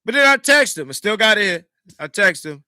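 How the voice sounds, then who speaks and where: Host type: man, high and very bright voice, emphatic casual commentary, dry close mic. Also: a little fast, dry recording. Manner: animated, emphatic, swings between loud and hushed. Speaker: podcast host reacting to a clip.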